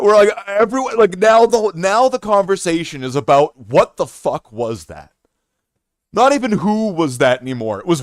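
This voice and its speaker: A man tells a story on stream in a casual, animated voice that swoops up and down. He restarts sentences often and swears freely. The sound is close and dry. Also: on the high side, no room sound.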